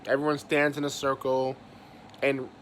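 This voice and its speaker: A young man rants about his job, cursing and tripping over his own words. His pitch sits in the middle for a man. A faint hum runs behind his voice. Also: completely flat delivery, normal speed. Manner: heated, profane, repeats himself. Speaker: vlogger venting about work. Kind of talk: angry casual rant.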